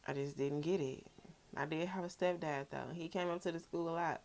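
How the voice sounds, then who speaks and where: A woman's voice: low voice, fairly even intonation, a little fast, darkish tone, slight background noise. A young woman speaks straight to camera in a personal vlog. Her talk is candid and emotional. She swears freely and circles back over the same phrases. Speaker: vlogger.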